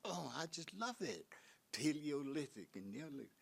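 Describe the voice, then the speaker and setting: An older man, a professor, giving a reflective conference lecture full of rhetorical questions, halting now and then with fillers and restarts. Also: fairly high pitch, sing-song, gravelly, slightly rough. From United States.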